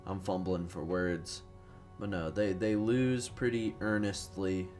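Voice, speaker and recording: Over faint music, a man plays a strategy game and gives casual commentary that's rambling, profane and self-deprecating. His voice is low and darkish, his tone steady, and he takes it slowly. He's tired, hasn't had his morning caffeine, and fumbles for words.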